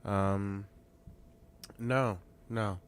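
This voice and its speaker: A man co-hosting a podcast, chatting casually and jokingly, drifting between loud bursts and quiet mumbled asides. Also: fairly low pitch, fairly even intonation, extremely slow, clean tone. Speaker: podcast co-host. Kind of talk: casual chat.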